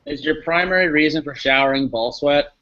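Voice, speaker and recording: A man's voice: fairly high pitch, brisk, muffled recording, noisy background. A man guest on a casual live panel chat, wry and teasing.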